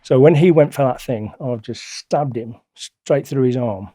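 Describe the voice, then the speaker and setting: A middle-aged man, a guest telling stories in a blunt, colloquial, animated way. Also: medium pitch, measured pace, no echo, studio quality. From England. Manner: blunt, colloquial, animated retelling with acted-out quotes. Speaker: interview guest. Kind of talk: casual storytelling.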